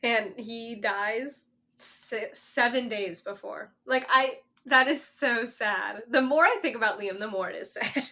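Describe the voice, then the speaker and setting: Bright, high-voiced woman podcaster. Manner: emphatic, quick to agree. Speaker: podcast co-host. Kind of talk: casual book discussion.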